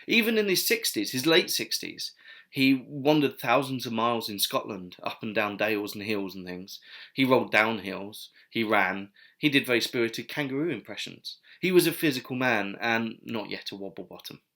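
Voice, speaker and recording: A man's voice: mid-range voice, animated, moderate pace, sharp tone. A man giving casual, digressive history commentary with wry asides. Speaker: video essayist.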